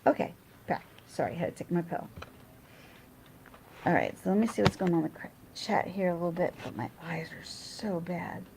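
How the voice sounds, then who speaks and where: Gravelly, low-toned woman livestreaming. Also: expressive, moderate pace, a little mellow, a little hiss or hum, poor audio. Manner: rambling, personal, trails off and restarts. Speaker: livestreamer reading chat. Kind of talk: casual livestream chat.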